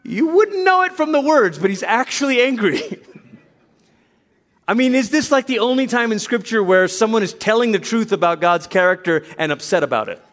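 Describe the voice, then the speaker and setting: A male pastor preaching a sermon in a church, telling stories in an animated way and acting out quotes. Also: sits high, normal speed, long reverb tail.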